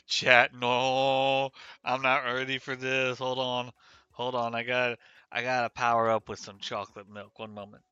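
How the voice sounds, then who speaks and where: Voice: mid-range voice, level tone, slow pace, sharp tone, clear, resonant tone, no echo, dull audio, soft background music. A streamer narrating a dating game aloud on stream, playful and self-mocking. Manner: playful, self-mocking, laughs at own mistakes. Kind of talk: live-streamed game reading.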